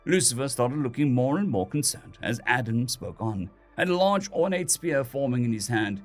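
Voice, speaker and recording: A man narrating a story as an audiobook reader, in steady, animated storytelling. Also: mid-range voice, normal speed, hardly any pauses. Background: soft music.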